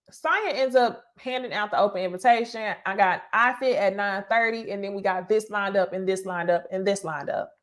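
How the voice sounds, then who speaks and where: A woman hosting a casual reality TV recap, talking to viewers in an animated, profane way with laughing asides. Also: mid-range voice.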